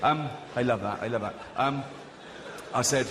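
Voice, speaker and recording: A man's voice: medium pitch, moderate pace, background noise. A middle-aged man doing a stand-up comedy routine, telling crude, sarcastic, self-mocking stories to a theatre audience. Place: large theatre stage with audience. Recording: live hall recording with loud audience. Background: audience laughter.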